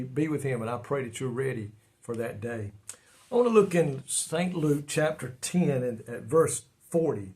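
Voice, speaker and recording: A man's voice: medium pitch, darkish tone. A man giving a daily devotional sermon in a folksy, earnest way. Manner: folksy, earnest, repeats words when stumbling. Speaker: devotional preacher.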